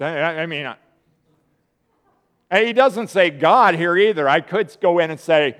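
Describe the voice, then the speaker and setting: Man, middle-aged, high-pitched, preacher, sermon, conversational, repeats words for emphasis. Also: lively intonation, normal speed, a bit bright.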